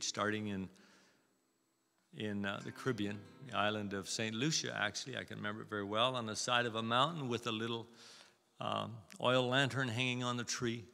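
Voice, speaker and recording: Older male guest preacher, bright gravelly tone, folksy storyteller, echoing church with faint music behind. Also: on the low side. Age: 70s. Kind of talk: anecdotal sermon. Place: church sanctuary.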